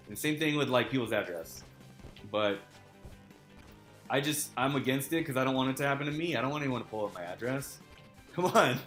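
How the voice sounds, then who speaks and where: A man live-streaming a game, chatting casually, laughing often, swearing and shouting at tough jumps. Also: mid-range voice, brisk, roomy sound, faint music behind. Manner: swears a lot, laughs often, loud outbursts while playing. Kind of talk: casual gaming stream chat.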